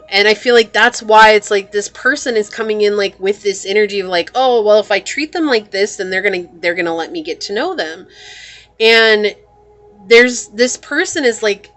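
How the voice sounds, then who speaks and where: A woman's voice: medium pitch, sharp tone. A woman giving a pick-a-card tarot reading in a chatty, reassuring way, full of "like" and "you know". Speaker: tarot reader.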